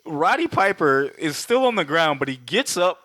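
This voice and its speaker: A man co-hosting a podcast, excitedly recapping a movie fight with lots of swearing, laughter and acted-out quotes. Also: fairly high pitch, normal speed, no echo, clean studio sound. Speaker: podcast co-host. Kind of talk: casual profane movie recap.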